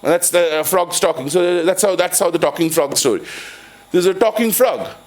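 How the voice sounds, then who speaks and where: A man with an Indian English accent lectures to a room, his voice pitched fairly high. He rambles through examples with many restarts and fillers. He slips into storytelling with dry jokes. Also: expressive, moderate pace. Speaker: finance professor. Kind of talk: university lecture with anecdotes. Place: lecture hall.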